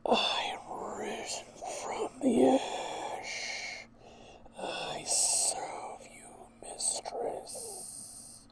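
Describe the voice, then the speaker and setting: A man doing a hoarse whispered voice for a risen servile creature in whispered role-play. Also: very high-pitched, sing-song, drawn-out words, pitched above the performer's own voice, heavily acted. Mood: menacing.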